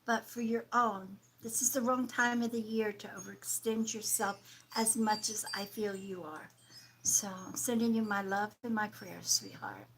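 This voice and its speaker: A woman hosting a live-stream psychic reading, speaking softly and affectionately, calling viewers sweetheart and sometimes dropping to a whisper. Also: medium pitch, normal speed, a little hiss or hum, rough recording. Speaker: psychic medium and livestream host.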